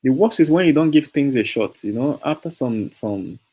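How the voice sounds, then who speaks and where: A man's voice: mid-range voice, animated, moderate pace, dark tone, slightly rough. A Nigerian man speaks to camera in a Nigerian English accent, pushing his viewers to start earning online. He talks in a mid-range voice, emphatic and persuasive, repeating his points and chuckling between them. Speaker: YouTuber selling online courses. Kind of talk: casual motivational monologue to camera.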